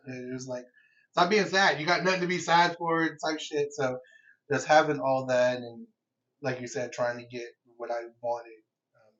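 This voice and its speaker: A man's voice: medium pitch, recorded from a distance. A young man hosting a podcast in casual chat, laid-back, laughing often and swearing casually. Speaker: podcast host. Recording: dull lo-fi podcast audio.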